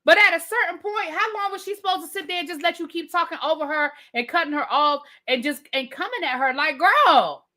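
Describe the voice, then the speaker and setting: High, bright-voiced woman ranting. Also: fast, hardly any pauses. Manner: heated, profane, repetitive ranting; slangy, addresses viewers as y'all and baby. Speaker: TV show reviewer. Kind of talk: live rant review.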